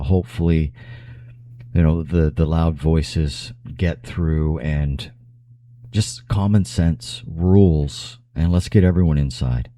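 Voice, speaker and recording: A man hosting a radio talk show, asking measured, deliberate questions of his guest. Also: deep voice, dark tone, no room sound, clean studio sound. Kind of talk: radio interview.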